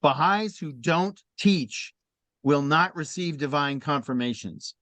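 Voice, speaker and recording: A middle-aged man telling stories in a conversational talk, animated and laughing often as he speaks. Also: a little high, takes it slowly, dry recording. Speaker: speaker in a faith discussion.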